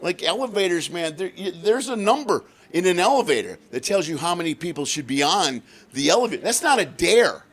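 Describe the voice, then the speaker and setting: High-energy stand-up guy, high voice with a gravelly edge, loud bits. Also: sing-song, brisk, hardly any pauses. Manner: high-energy, acts out voices and shouts punchlines. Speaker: stand-up comedian. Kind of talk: stand-up comedy set. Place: comedy stage before a laughing audience.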